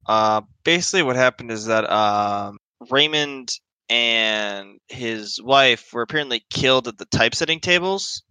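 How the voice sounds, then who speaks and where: Bright, halting man running a tabletop game. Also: medium pitch, expressive, clear, resonant tone, dry recording. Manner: hesitant, halting with many fillers. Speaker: game master.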